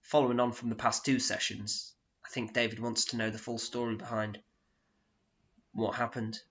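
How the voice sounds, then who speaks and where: Deadpan man telling his story. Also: medium pitch, moderate pace, a little hiss or hum. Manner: deadpan, sardonic, self-mocking. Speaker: solo performer narrating in character. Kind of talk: solo theatre monologue. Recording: dull lo-fi recording.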